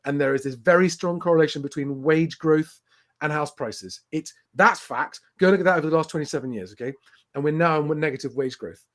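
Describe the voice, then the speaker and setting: A man's voice: on the high side, fairly quick. Emphatic man rebutting comments. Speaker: host. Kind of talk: casual live-stream commentary.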